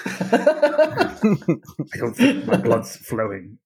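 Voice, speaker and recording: A man's voice: sits high, wildly swooping pitch, very slow, darkish tone, breathy edge. A man playing a tabletop game with a dry, self-mocking manner. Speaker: player. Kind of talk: casual tabletop banter.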